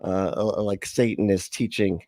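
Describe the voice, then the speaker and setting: Gravelly sarcastic man hosting a livestream. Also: sits low, fairly even intonation, a little slow, dark tone, no echo, clean studio sound. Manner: sarcastic, laughs often, greets chat viewers. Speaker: livestream host reacting to a video. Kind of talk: casual reaction livestream chat.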